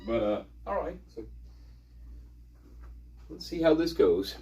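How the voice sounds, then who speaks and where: A man's voice: a little high, big pitch swings, slow pace, mellow, slight background noise. A man hosting a livestream, chatting casually and rambling with jokes and asides as he sets up an interview clip. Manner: rambling and joking, many fillers and asides. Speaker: livestream host reacting to an interview.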